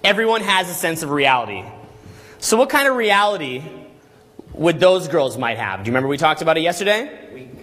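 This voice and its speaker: A man telling a story to a class as a dating coach, animated and constantly checking in with "right?" and "okay?". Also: fairly high pitch, fairly quick. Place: Los Angeles.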